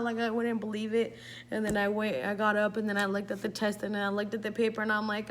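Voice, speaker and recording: A woman's voice: medium pitch, monotone, fast. A young woman telling a personal story in a casual vlog, rambling with lots of "like" and slipping into Spanish words. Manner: rambling, heavy use of "like", slips into Spanish. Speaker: vlogger.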